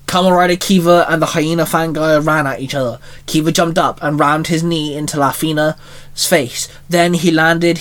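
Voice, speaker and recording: A man with a slightly high voice reads a story aloud at a steady pace. He now and then stumbles and restarts a word, then carries on. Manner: steady reading with small restarts. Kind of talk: reading a fan story aloud.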